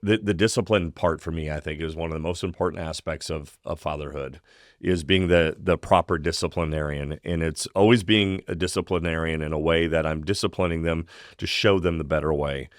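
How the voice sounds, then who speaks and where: A man co-hosting a faith podcast, talking in an earnest, measured way and reading scripture aloud. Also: very deep voice, fairly even intonation, dry recording, studio quality. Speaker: podcast co-host. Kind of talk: faith-based casual discussion.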